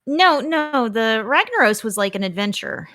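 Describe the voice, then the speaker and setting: A woman co-hosting a casual gaming podcast, animated and enthusiastic, laughing easily. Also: a little high, normal speed. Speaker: podcast co-host.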